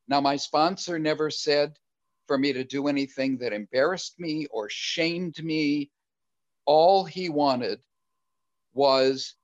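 Slow, earnest older man, lo-fi sound. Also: mid-range voice, no room sound. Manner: earnest, reflective, halting. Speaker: guest speaker. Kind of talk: answering questions at a recovery meeting. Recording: dull lo-fi recording.

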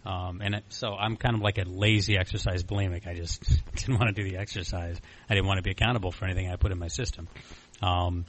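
A man's voice: deep voice, steady tone, fast talker, a little hiss or hum. A man from Michigan talking candidly and rambling about his past habits, with fillers and restarts along the way. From Flint, Michigan. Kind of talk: casual personal talk.

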